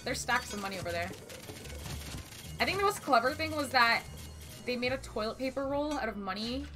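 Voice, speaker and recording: A woman streaming a video game, chatting casually, swearing freely and breaking into sudden loud exclamations. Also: a little high, expressive, a little fast, music in the background. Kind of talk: casual gaming commentary.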